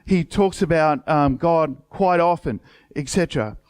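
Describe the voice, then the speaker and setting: Middle-aged aussie pastor yarning thru a sermon story, slangy, slightly high voice, dry close sound. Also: male voice, measured pace, clean tone, no echo. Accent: Australian. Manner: chatty anecdotes with colloquial slang and acted-out dialogue. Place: church.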